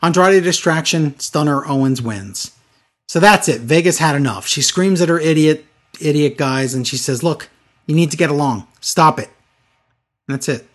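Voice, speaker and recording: Man, husky voice, fairly high pitch, sarcastic, casual recap chat. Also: moderate pace, a bit bright. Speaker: podcast co-host recapping wrestling.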